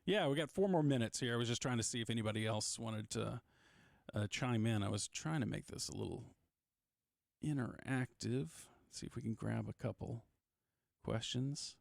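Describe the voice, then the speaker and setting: A man's voice: medium pitch, normal speed, gravelly, dry recording, studio quality. A man hosting a casual talk show, easygoing as he steers the conversation. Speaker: host. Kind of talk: casual podcast chat.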